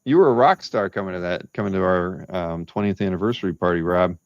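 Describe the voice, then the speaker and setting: Low gravelly male stream host, rambling chatter, dry dull lo-fi sound. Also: quick pace, no room sound. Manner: rambling, many restarts, laughing asides. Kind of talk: casual live-stream chat.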